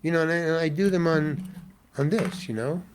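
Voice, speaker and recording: A man's voice: fairly high pitch, fairly quick, slight background noise. An older man, a guest actor, telling stories in a casual interview, rambling with restarts and exasperated asides.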